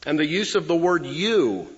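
A man preaching a sermon, expressive and emphatic, with frequent asides to the congregation. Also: on the high side, moderate pace, breathy edge. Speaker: pastor. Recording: reverberant hall, dull lo-fi sound.

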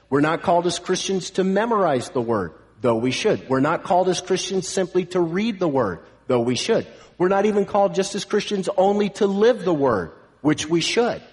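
Preacher in a reverberant hall. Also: male voice, sits high. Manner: emphatic preaching, swelling to loud proclamations. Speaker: pastor. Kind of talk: sermon.

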